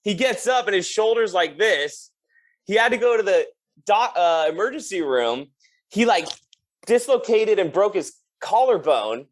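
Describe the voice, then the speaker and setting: A young man in a casual podcast chat, his voice sitting a little on the high side. He tells stories in a loose, laid-back way, filling them with "like" and breaking into laughter while he mimics the people in them. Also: lively intonation, unhurried. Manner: laid-back storyteller, lots of "like" and laughs, acts out quotes. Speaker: podcast guest, drummer.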